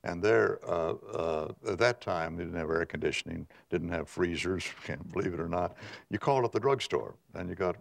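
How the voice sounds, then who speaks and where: Older man, very deep voice, gravelly, measured storytelling, pauses and restarts. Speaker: guest, veteran newsman. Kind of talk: reflective conversational storytelling.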